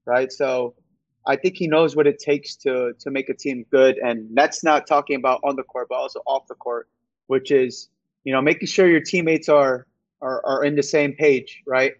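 A man's voice: medium pitch, steady tone, normal speed, no echo, highs cut off. A young man, a basketball player, chatting casually in an interview, laid-back with lots of fillers and frequent laughs.

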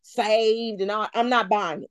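A woman hosting a casual gossip chat, animated and swooping up high when she quotes people. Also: takes it slowly, no room sound, studio quality. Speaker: host.

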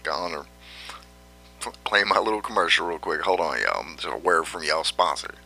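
A man's voice: sits low, animated, normal speed, creaky, pushed and bright. A man vlogging a brash, profane rant and laughing often at his own jabs.

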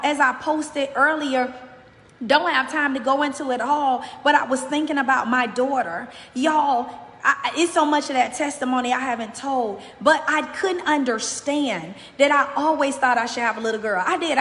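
A woman's voice: high-pitched, a bit bright, reverberant, long reverb tail. A woman hosting a motivational faith podcast, giving a fervent, preacherly message straight to her listeners.

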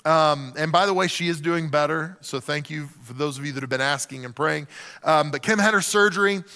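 A middle-aged man preaching a sermon to a church, telling humorous, animated stories with acted-out asides. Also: a little high, brisk, big-room sound. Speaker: pastor.

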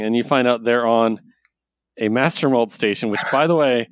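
A man co-hosting a casual podcast, recapping a story with animated storytelling and filler words. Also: medium pitch, moderate pace, no room sound, studio quality. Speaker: podcast co-host, comic reviewer. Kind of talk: casual chat.

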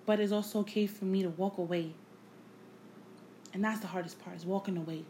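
A woman hosting her own podcast, talking without a script in a reflective, halting way, repeating phrases and swearing casually. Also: mid-range voice, steady tone, warm tone, slight background noise, rough recording. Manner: emotional, candid, casual swearing. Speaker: podcast host. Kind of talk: unscripted personal monologue.

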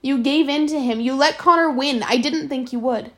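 A woman reading aloud and voicing a proud teenage servant girl who speaks in a sharp, accusing, hurt way. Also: sits high, moderate pace. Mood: disappointed.

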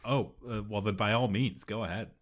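A man's voice: lowish voice, steady tone, brisk. A man co-hosting a podcast in casual chat, easygoing and dry, laughing a lot. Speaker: podcast co-host.

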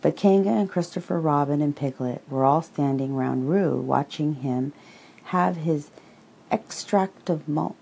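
A woman reading a children's storybook aloud in a slow, gentle way. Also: low voice, gravelly, slightly rough, low-quality recording.

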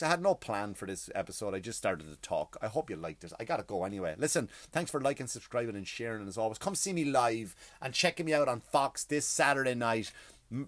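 A man's voice: medium pitch, dry recording. Brief: a male comedian hosting a podcast, rambling and swearing, mid-range voice, dry close sound. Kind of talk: profane comedic monologue.

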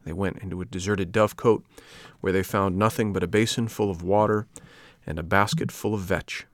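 Low-voiced man reading a storybook. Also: dry recording. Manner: measured, even reading. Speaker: narrator.

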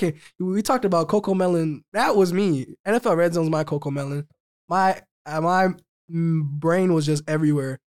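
A man's voice: high voice, normal speed, smooth. A young man co-hosting a podcast in casual, upbeat chat, laughing often. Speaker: podcast co-host.

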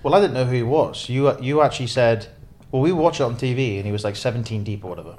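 A man tells stories in a loose, chatty podcast, acting out the people he quotes. His delivery is animated and laughs come easily. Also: medium pitch, slight background noise. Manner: animated storyteller, quick laughs, acts out quotes. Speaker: podcast co-host and caddie. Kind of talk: casual storytelling chat.

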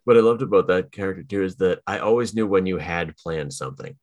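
Male podcast co-host, very low voice, rambling wry chat. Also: fast talker, a little mellow, highs cut off. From Boston area. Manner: rambling, self-correcting, wry. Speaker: podcast co-host and game master. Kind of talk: casual chat.

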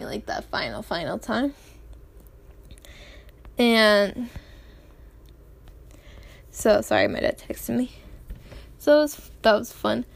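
A teenage girl vlogging in a rambling, chatty way, often giggling and apologizing, with a sore, swollen-feeling throat. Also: a little high. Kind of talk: casual chat.

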